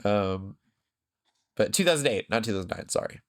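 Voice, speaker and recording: A man with a fairly low voice talks in loose, casual podcast chat. He rambles, fills gaps with plenty of ums and likes, and laughs often as he goes. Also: animated, normal speed. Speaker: podcast co-host.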